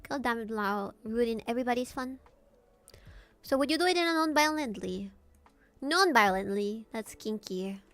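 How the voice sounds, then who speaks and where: This is a woman streamer in casual, jokey chat while drawing, thinking out loud. Her voice sits a little high and jumps around a lot. The sound is close and dry, with no room echo. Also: lively intonation, normal speed. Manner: playful, jokey, thinking aloud.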